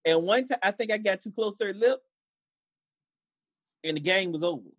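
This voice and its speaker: Man, casual panel chat, husky voice, lively pitch, dry sound. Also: normal speed, no room sound. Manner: laughing, animated retelling of stories. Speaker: panelist, single father.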